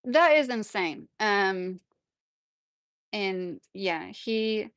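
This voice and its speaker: A woman's voice: medium pitch, expressive, drawn-out words, a bit bright, smooth, dry recording. A woman hosting a livestream, chatting casually with her viewers, rambling and full of "like.". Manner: rambling, filler-heavy with frequent "like". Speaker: livestream host reading chat. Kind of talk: casual live chat.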